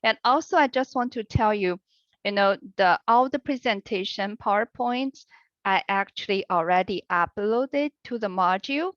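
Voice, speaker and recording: A woman teaching an online language class over a video call, with a patient, encouraging manner and unhurried explanations. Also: medium pitch, a bit bright, dry recording. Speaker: online Chinese language instructor. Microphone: computer mic on a video call. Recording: lo-fi video-call audio, dry.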